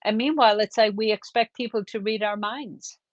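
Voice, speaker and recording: A woman's voice: mid-range voice, fairly quick, dry recording. A woman talks earnestly and directly about relationships, her voice in a middle register. The audio is dry and a little dull, the way a video call sounds. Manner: chatty, earnest, gives direct advice. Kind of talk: casual advice chat.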